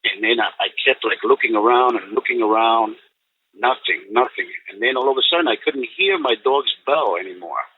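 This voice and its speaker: A man's voice: mid-range voice, moderate pace, husky, no echo. A man in his seventies, a podcast guest, tells a personal story in a rambling way, full of "you know" and restarts. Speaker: guest recounting an encounter. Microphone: telephone. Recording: tinny dry phone line.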